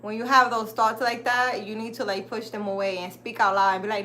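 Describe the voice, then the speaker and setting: A woman's voice: medium pitch, level tone, a little fast, pushed and bright, slight background noise. A woman hosting a casual livestream, rambling and chatty as she talks straight to her viewers. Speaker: livestream host.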